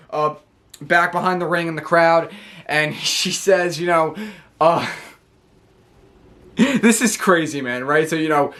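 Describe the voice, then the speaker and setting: A man excitedly recapping a show in a casual, rambling way, often correcting himself and laughing. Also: sits high. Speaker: wrestling channel host.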